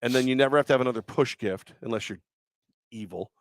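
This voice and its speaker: Male radio co-host, loud storyteller, dry close sound, mid pitch. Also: fast, dry recording. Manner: loud storyteller, acts out voices with shouts. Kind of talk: casual sports talk banter. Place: live remote broadcast at a car dealership.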